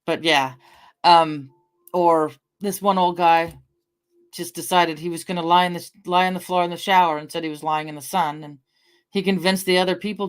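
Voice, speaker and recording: A woman's voice: fairly low pitch, steady tone, normal speed. Middle-aged woman rambling through stories. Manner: rambling storyteller, swears casually, talks to chat. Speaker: livestreamer. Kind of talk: casual livestream chat.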